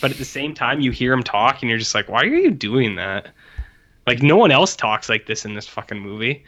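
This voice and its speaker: Speaking fast, this man's medium-pitched voice sounds pushed and bright. He co-hosts a podcast and chats casually in a rambling, jokey, profane way, captured with dull lo-fi audio.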